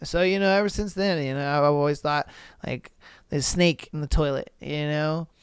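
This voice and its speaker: A man talks through a solo podcast in loose, slangy chat, swearing freely and breaking into laughter. His voice is clear and resonant. It sits close and dry on the mic. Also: on the high side, fairly even intonation, moderate pace, no room sound. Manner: slangy, profane, exclamatory, laughs often. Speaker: podcast host. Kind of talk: casual solo podcast commentary.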